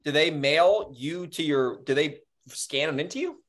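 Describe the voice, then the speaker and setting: A man co-hosting a podcast, telling stories in casual chat with animated, profane energy. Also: on the high side, a little slow. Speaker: podcast co-host.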